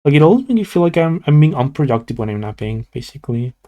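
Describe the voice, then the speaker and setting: A man's voice: mid-range voice, very animated, fast talker, highs cut off. A sleepy young man streaming, chatting casually with his viewers and rambling with lots of "like" fillers and restarts. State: sleepy, yawning. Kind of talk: casual chat with live chat while drawing.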